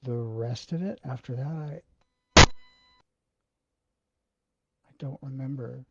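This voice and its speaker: A man telling a personal story in a halting, emotional way, swearing freely. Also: medium pitch, vocal fry, muffled recording, heavy background noise. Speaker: video host.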